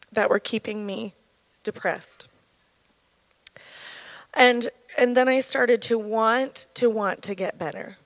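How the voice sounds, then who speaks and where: A woman in her thirties giving an earnest, halting personal testimony at church, her voice shaken with emotion. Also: a little high, creaky, dry recording, poor audio. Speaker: church speaker sharing testimony.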